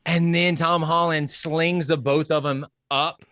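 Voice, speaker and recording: A man excitedly discussing a movie, acting out lines and laughing often. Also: on the high side, measured pace, dry recording, studio quality. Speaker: podcast guest.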